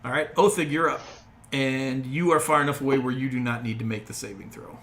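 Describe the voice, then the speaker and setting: A man's voice: medium pitch, fairly even intonation, a little fast, fairly bright tone, a little hiss or hum. A man narrating as game master of a tabletop game, with loose, laughing asides.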